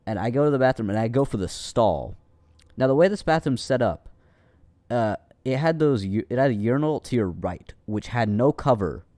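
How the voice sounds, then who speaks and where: A man's voice: medium pitch, animated, normal speed, warm tone, no echo. A young man casually telling a rambling, profane story with lots of restarts, as a streamer.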